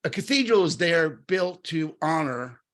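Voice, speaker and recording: A middle-aged man co-hosting a podcast, talking casually and telling a story, animated, with many fillers and restarts. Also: a little high, a little slow. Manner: animated, lots of fillers and restarts, acts out quoted voices. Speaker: podcast co-host.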